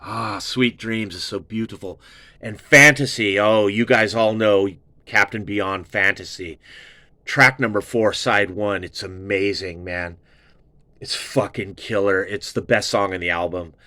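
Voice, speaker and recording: On a casual album review show, a male host gushes, swears, and keeps repeating his praise. His voice sits on the low side with a steady tone, pushed and bright, and he talks a little slowly. The recording is dry.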